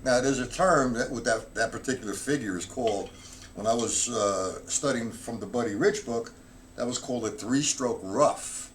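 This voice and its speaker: A middle-aged man teaching a live-streamed drum lesson, counting rhythms aloud loud and slow between explanations. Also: medium pitch, slight background noise.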